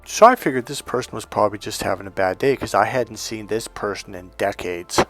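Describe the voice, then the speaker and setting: A man's voice: lowish voice, brisk, fairly bright tone, faint music behind. A middle-aged man from California, a relationship coach, telling his own stories to camera in a candid, profane way. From California, USA. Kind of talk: casual storytelling to camera.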